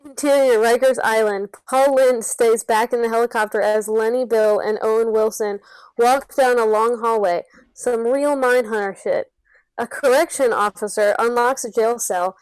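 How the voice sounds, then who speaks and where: A woman's voice: fairly high pitch, fairly even intonation, normal speed, a little mellow, clean tone, dry recording, poor audio. A woman reading out stage directions for a comedy podcast script reading on a close mic. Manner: reads stage directions with giggles. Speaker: narrator.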